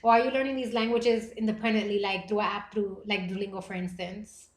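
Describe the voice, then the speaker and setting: A young American woman hosting a livestream podcast, chatting casually with viewers in a playful, animated way. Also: medium pitch, brisk. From United States. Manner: animated and playful, with gasps and bursts of laughter. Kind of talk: casual livestream chat reading viewer comments. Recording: echoey room.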